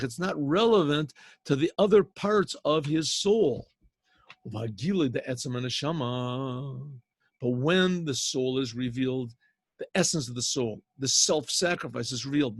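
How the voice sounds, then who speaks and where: A man's voice: on the high side, slightly rough, no echo. An older man, a rabbi, teaching a casual class, telling a story with quoted voices and mixing in Hebrew terms. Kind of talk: casual spoken Torah class. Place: online class over a video call.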